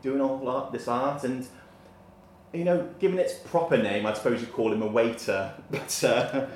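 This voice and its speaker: A man's voice: medium pitch, normal speed, a little mellow, reverberant. A man telling a comic story on stage in a live venue, laughing at his own jokes. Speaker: comedian. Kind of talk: stand-up storytelling.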